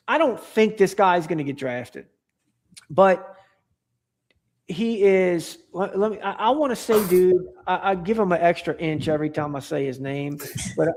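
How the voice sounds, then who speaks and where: A man's voice: high voice, darkish tone. A man talking as a podcast guest in casual chat, rambling and enthusiastic, with many restarts and fillers.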